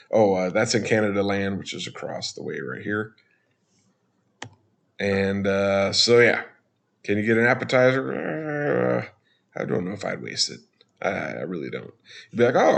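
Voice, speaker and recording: A man's voice: lowish voice, gravelly, pushed and bright. A man talking casually over a walkthrough as a travel vlogger, chatty, with joking asides.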